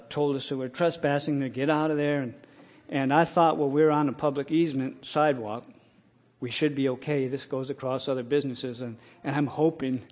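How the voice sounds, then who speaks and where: A middle-aged man preaching a sermon, telling a personal story in a plain way and breaking into loud, impassioned scripture quotes. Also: mid-range voice. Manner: rises to loud impassioned preaching, then drops to quiet storytelling.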